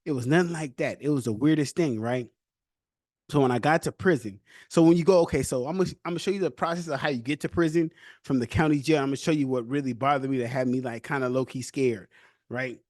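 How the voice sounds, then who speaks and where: A young man hosting a podcast, telling his own story casually with loose street slang and animated retellings. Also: mid-range voice, fast, no echo, studio quality.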